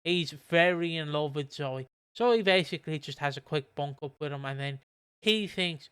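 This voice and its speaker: A man's voice: a little high, normal speed, a bit bright, smooth, dry recording. A man co-hosting a podcast in casual chat, rambling with many ums and casual swearing. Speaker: podcast co-host.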